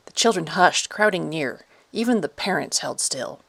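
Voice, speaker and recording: This is a steady audiobook narrator reading a war-time fairy tale, recorded on a close studio mic. The voice sits at a middle pitch with a gravelly, fry-touched texture, and the dry sound has no room around it. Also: normal speed, dry recording.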